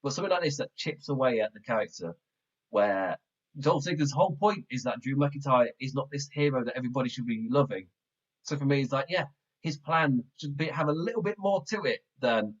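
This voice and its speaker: Excitable man on muffled backup audio. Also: medium pitch, a little fast. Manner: excitable and rambling, laughs often. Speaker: wrestling podcast host. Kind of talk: casual show review.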